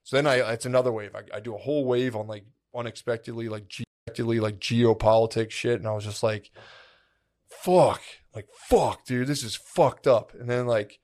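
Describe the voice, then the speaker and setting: A man's voice: mid-range voice, fairly even intonation, quick pace, hardly any pauses, darkish tone. Rambling casual man telling a story. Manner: rambling, full of "like" and "dude", acts out his own past thoughts. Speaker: podcast co-host.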